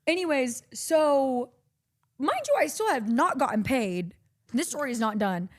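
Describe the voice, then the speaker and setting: A woman's voice: high-pitched, lively intonation, a little slow. A woman, streaming a breathless, profane story time. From Texas.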